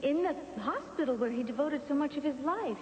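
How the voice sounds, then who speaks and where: An actress playing a strong-willed grown daughter in a daytime soap opera, talking in an insistent, emphatic way. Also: female voice, high-pitched, animated, a little fast, long reverb tail, slight background noise, low-quality recording. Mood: consoling.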